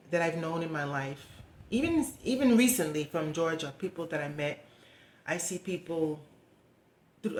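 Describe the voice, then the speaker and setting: A woman's voice: low-pitched, a little mellow, echoey room, a little hiss or hum. A middle-aged woman talking candidly to camera in a rambling, heartfelt, confiding way. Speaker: vlogger. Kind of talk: candid personal vlog talk.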